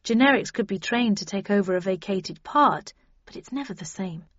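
A woman reading an audiobook in a measured, even storytelling manner. The recording is dry and slightly dull. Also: mid-range voice, no room sound. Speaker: audiobook narrator. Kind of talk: scripted audiobook narration.

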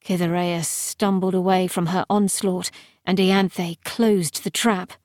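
A woman's voice: mid-range voice, no echo, studio quality. Woman narrating a fantasy audiobook. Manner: measured, even storytelling.

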